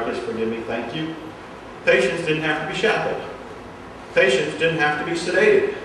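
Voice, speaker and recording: Man, self-help speaker, earnest motivational delivery, distant mic in a boomy room. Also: very echoey, slight background noise. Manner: earnest, repeats phrases in a hushed soft voice. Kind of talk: motivational talk to an audience.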